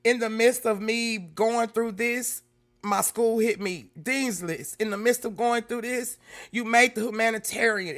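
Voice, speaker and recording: A woman hosting a casual livestream, greeting viewers by name and shifting between loud exclamations and quiet, emotional talk. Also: a little high. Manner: emotional, swings from loud exclamations to soft near-whispers; talks straight to chat, greeting viewers by name. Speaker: YouTube livestream host.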